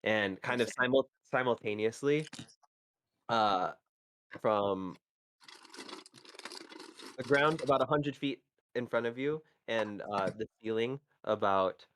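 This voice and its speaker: A man narrating a tabletop game as game master on a live stream, halting and searching for words as he describes the scene. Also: medium pitch, fairly bright tone, no room sound.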